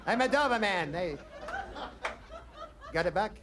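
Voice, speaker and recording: A man's voice: high-pitched, lively intonation, measured pace, background noise. A man voicing a washed-up male doberman, pleading and wistful.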